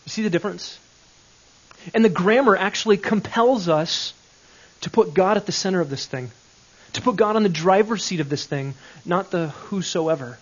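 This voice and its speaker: A man's voice: sits high, moderate pace, muffled recording. A man teaching a Bible grammar lesson, explaining step by step and checking in with questions.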